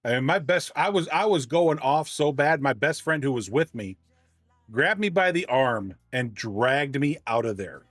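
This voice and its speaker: A man casually telling a long story on a livestream, ranting and animated, often restarting his sentences. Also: medium pitch, unhurried, no room sound, clean studio sound.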